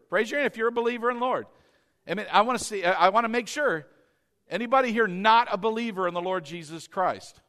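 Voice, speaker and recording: A male pastor with a high, bright voice that leaps up and down as he preaches. He laughs often and calls out for amens. The sound carries a long reverb, like a church hall. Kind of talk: lively sermon.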